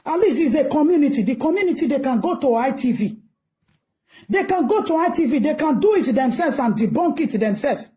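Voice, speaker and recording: A woman's voice: high voice, animated, a little fast, mellow. A Nigerian woman giving ranting commentary, scolding and asking rhetorical questions in a mix of English and Pidgin.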